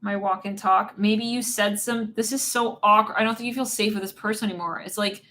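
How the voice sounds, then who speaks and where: A woman's voice: medium pitch, fairly even intonation, fairly quick, bright, forceful tone. Giggly, rambling woman reading tarot cards. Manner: rambling, giggly, blunt with swearing. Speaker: tarot reader. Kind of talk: casual tarot reading monologue.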